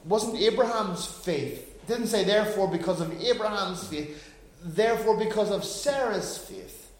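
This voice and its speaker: A pastor in his forties delivers a sermon in a high voice. He drops to a hush and then builds to loud, emphatic peaks. The recording is roomy, with a noticeable echo. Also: normal speed. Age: 40s. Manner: dynamic preaching, swings from hushed to loud and emphatic.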